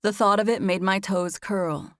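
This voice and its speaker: A woman narrating a romance novel in the first person, in an even, intimate storytelling manner. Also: medium pitch, normal speed, dry recording, clean studio sound. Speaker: audiobook narrator.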